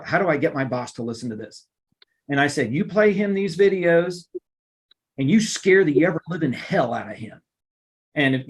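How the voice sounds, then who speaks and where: A middle-aged man giving a live online workplace lunch-and-learn, emphatic and animated, repeating phrases for effect. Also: high voice. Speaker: workplace trainer and coach.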